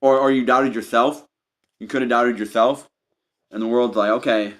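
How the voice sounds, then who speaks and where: A man's voice: mid-range voice, fairly even intonation, normal speed, fairly bright tone. Rambling man giving a tarot reading. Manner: repetitive, meandering, restarts phrases often; addresses the listener directly as "you". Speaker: tarot reader.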